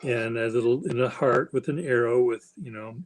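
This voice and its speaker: A man's voice: mid-range voice, steady tone, normal speed, rough recording. A man hosting a live chat stream, talking in a rambling, playful, teasing way. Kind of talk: casual livestream chat.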